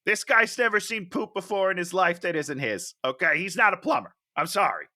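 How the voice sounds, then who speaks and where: A man with a high, bright voice riffs sarcastically on a bad comedy and bursts into character voices to mock its lines. His pitch swings widely as he talks. The sound is dry and close, with no room around it. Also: lively intonation, a little fast, dry recording. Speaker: podcast co-host. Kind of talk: casual comedic movie review chat.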